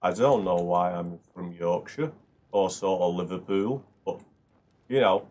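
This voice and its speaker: Hosting a gaming video, a man with a deep, darkish voice speaks at a measured pace. It's casual gameplay commentary, full of rambling, upbeat asides as he plays.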